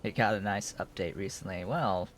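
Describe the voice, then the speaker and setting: A man's voice: sits low, normal speed, soft background music. A man streaming a game, thinking aloud in a rambling way with many restarts. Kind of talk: casual live-stream commentary while playing.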